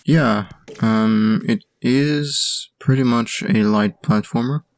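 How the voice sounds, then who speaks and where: A young man with a German accent giving let's-play commentary on game levels, halting and full of pauses and fillers. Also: medium pitch, no echo. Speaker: host reviewing community game levels.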